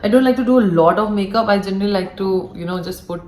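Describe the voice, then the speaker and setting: A woman's voice: medium pitch, quick pace, echoey room, low-quality recording. A young woman, a former flight attendant casually telling a ghost story as she does her makeup, acting out the lines of the people in it. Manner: animated retelling, acts out quoted lines. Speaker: vlogger, former cabin crew. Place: indoor room, getting ready.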